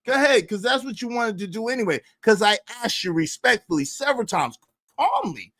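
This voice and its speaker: A middle-aged man rants on his livestream, hammering his points by repeating them and pushing his voice loud. His pitch sits high and jumps around a lot, and his tone is bright and sharp. The sound is dry and close. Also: sing-song, brisk, no echo. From Brooklyn, New York. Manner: confrontational, repeats phrases for emphasis, swings loud. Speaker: livestream host. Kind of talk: heated livestream rant.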